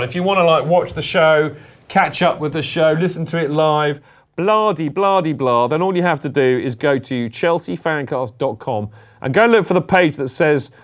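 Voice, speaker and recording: Jokey man hosting a fan show. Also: on the high side. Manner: jokey, rambling and chatty. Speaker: podcast host. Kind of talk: casual chat.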